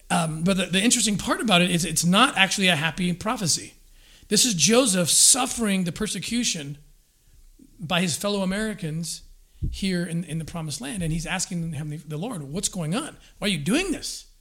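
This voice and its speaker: A man explaining history in a lively conversational way, acting out quotes with frequent restarts. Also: high-pitched, moderate pace. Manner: energetic storyteller, acts out quotes with restarts. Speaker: guest discussing scripture and history.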